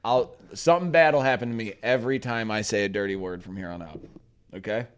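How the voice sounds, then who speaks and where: A man's voice: fairly low pitch, fast talker, clean tone. A man co-hosting a morning show in casual chat, teasing his partner and laughing often. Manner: teasing, giggly banter.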